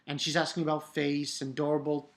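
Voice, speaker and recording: A woman giving a casual spoken review of a manga chapter, excitable, swearing freely and restarting her sentences often. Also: low voice, moderate pace.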